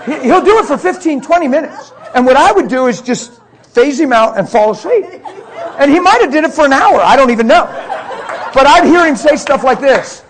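A male preacher telling an animated story in a sermon, laughing often and acting out other people's voices. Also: extremely high pitch, fairly quick, a faint crowd.

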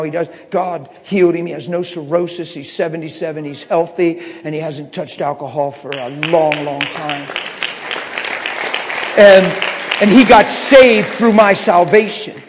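A middle-aged male preacher telling his testimony in a slightly high voice, dropping to a near-mutter and then rising to impassioned shouts. His words ring out with a long hall reverb, as if in a church hall. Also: slight background noise. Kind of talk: sermon testimony storytelling.

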